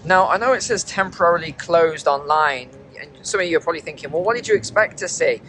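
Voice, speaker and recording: Bright-voiced man narrating a walking vlog. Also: a little high, lively intonation, fast, a little hiss or hum. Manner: chatty, talks to viewers while walking. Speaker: vlogger. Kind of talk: walking travel vlog commentary. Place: outdoors on city streets in snow.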